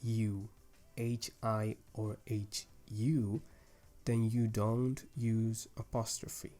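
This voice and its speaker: A man's voice: on the low side, flat delivery, very slow, mellow. Patient man teaching a language lesson. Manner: patient, methodical, explains rules step by step with restarts.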